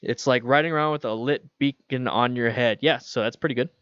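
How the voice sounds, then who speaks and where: A man's voice: medium pitch, a little fast, hardly any pauses, fairly bright tone, clean tone, no room sound, dull audio. A man hosting a casual livestream Q&A about motorcycles, chatty and loose, reading viewer questions aloud. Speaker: motorcycle channel host.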